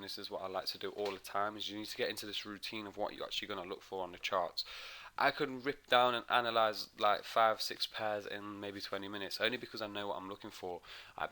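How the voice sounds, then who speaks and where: A man's voice: lowish voice, pushed and bright. A man from the UK giving a casual, chatty walkthrough of trading charts as an educator, humming filler sounds as he clicks along.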